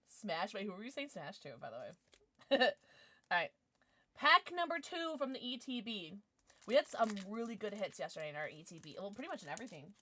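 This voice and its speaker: Excitable woman streamer, bright and lively. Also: medium pitch. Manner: excitable, gasping and squealing at pulls. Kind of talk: livestream chat while opening trading cards.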